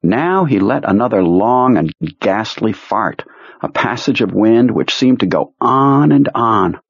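A man reading a novel aloud as an audiobook narrator, in a measured, dramatic way. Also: on the low side, expressive, gravelly, breathy edge, no echo. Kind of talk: scripted narration. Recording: muffled lo-fi recording.

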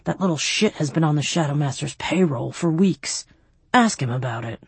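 A woman reading the lines of a gruff, battered male soldier who barks orders. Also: low-pitched, lively intonation, moderate pace, no room sound, heavily acted. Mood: grim. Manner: barking orders.

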